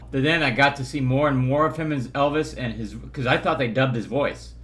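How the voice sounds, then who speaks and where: A man's voice: a little high, normal speed, few pauses, fairly bright tone. A man giving a casual, rambling movie review from a hotel room, stumbling over words and joking along the way. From Southern California. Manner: rambling, stumbling, jokey, slips into impressions.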